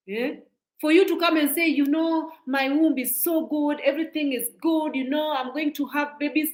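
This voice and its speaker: A woman's voice: fairly high pitch, roomy sound, low-quality recording. A woman in her forties giving a scolding, preachy commentary monologue, repeating her points. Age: 40s. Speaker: social media commentator.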